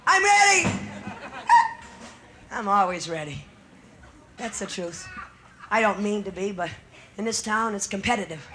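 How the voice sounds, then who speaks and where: A woman's voice: mid-range voice, normal speed, long pauses, sharp tone, slight background noise. A middle-aged woman comedian doing a bawdy live stand-up routine on a nightclub stage, teasing the audience with brassy banter.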